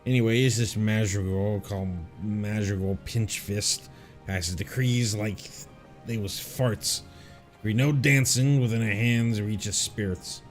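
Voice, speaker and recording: A man's voice: lowish voice, steady tone, a little slow, faint music behind, lightly acted. A man voicing a rowdy, crude male pirate sailor in a game, talking in salty sea dialect. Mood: boisterous. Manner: salty old-sea dialect, calls people ye and laddie. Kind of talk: reading game dialogue aloud in character.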